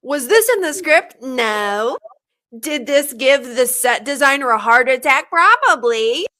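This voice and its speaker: A woman's voice: sits high, sing-song, unhurried, sharp tone. A woman narrating movie trivia in a short video, with wry, teasing questions and answers.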